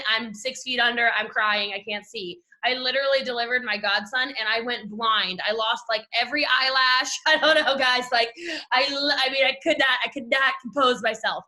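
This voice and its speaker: Brief: high-pitched Southern woman, bright tone, gushing team-leadership pep talk from home. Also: brisk. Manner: animated, gushing, talks straight to listeners. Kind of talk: energetic motivational talk on a call. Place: at home desk. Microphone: video call.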